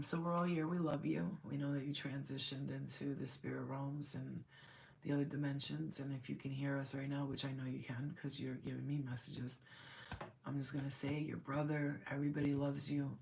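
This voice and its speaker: A woman's voice: a bass voice, creaky, a little mellow. A woman medium giving a live channeled reading, rambling and emotional as she speaks to a spirit and to her client.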